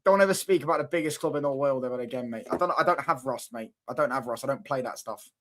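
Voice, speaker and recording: A man's voice: mid-range voice, quick pace, a bit bright. A young man with a Manchester accent casually bantering with viewers on a football livestream, teasing and cocky, full of slang. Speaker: football channel host reading live chat.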